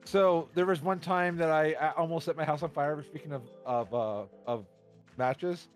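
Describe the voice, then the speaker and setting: A man's voice: a little high, normal speed, soft background music. A man co-hosting a casual podcast, telling a story with many stumbles and fillers. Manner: hesitant, stumbling, filler-heavy. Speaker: podcast co-host. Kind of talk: casual chat.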